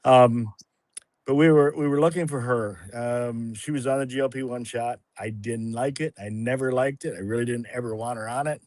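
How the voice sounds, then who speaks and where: Man in his sixties, guest telling his story, halting and rambling, mid-pitched voice. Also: steady tone, darkish tone, no room sound. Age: 60s. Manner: rambling, halting, with many restarts and fillers. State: a little emotional at times. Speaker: guest sharing a testimony. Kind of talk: casual spoken testimony on a livestream.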